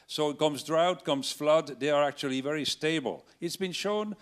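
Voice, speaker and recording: A man's voice: on the high side, normal speed. A man on a discussion panel answering assertively from long experience.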